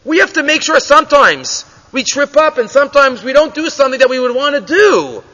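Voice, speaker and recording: A man leads a Torah class. He reads each Hebrew passage and then retells it in English, acting out the story's people as he goes. His voice sits very high and bright, and the recording is dull and lo-fi with a long hall reverb. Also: animated, brisk. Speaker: Torah teacher.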